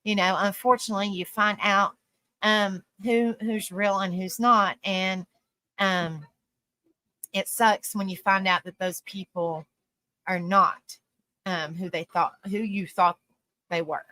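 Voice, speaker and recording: A woman's voice: mid-range voice, steady tone, slow pace, pushed and bright, dry recording. A woman hosting a live online panel, talking casually and earnestly in a rambling way, full of "you know" fillers. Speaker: live-stream panel host. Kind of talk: casual live-stream talk.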